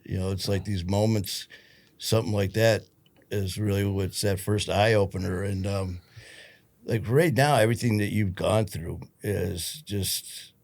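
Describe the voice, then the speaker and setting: Gravelly, deep-voiced podcast host. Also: male voice, fairly even intonation, a little slow, darkish tone. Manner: encouraging, backchannels, loosely worded. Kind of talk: interview.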